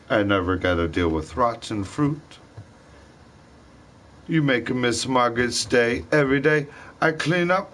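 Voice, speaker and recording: A man voicing a warm middle-aged woman kitchen worker with a strong accent, speaking in broken, praising English. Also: medium pitch.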